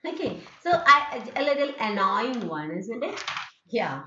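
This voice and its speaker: A woman's voice: fairly high pitch, big pitch swings, unhurried, sharp tone. A woman with an Indian English accent giving a phonetics lecture, often checking with "okay" and "isn't it", and acting out rising and falling tones. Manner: repeats "okay" and "isn't it", demonstrates intonation. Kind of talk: recorded distance-learning lecture. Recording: dull, roomy classroom recording.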